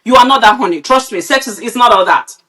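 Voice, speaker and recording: A woman's voice: on the high side, fast talker, bright, forceful tone. A woman from Nigeria, a podcast co-host, ranting bluntly and with a lot of swearing in casual, opinionated chat. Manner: blunt, profane, heated ranting.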